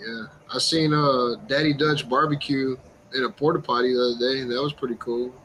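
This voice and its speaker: A man's voice: mid-range voice, steady tone, fairly quick, a bit bright, slight background noise, poor audio. A man joking and teasing the others in a casual chat.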